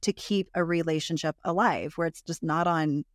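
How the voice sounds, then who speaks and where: A woman's voice: sits low, fairly even intonation, moderate pace, no echo. Earnest woman explaining, dry close sound. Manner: earnest, explains research findings, repeats for emphasis. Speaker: relationship podcast guest. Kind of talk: conversational explaining.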